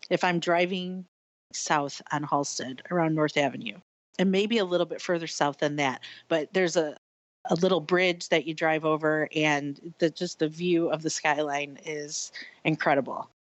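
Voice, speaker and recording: A woman's voice: sits low, no room sound. A woman from Chicago with a Chicago accent, a guest in an interview, talking with enthusiasm and laughing easily. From Chicago, United States. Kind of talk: conversational interview. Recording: dull remote call audio.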